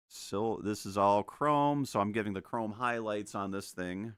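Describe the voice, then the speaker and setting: A man's voice: fairly low pitch, moderate pace, few pauses, clean tone, dry recording, studio quality. A man chatting casually while painting on a live stream at home, joking and making little sound effects as he works. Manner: animated, jokey, makes sound effects. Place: home studio.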